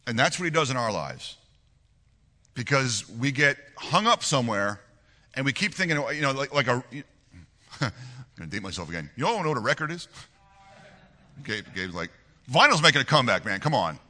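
A man in his forties preaching a sermon and telling a personal story, earnest and animated, often restarting and repeating words. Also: medium pitch, moderate pace, long pauses, big-room sound. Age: 40s. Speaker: pastor.

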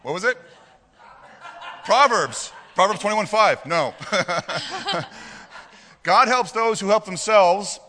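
A man's voice: sits high, very animated, slow, long pauses, bright, forceful tone. A male pastor preaching a sermon in a conversational way, asking the congregation questions and joking with them. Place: church hall with a congregation. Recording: reverberant hall.

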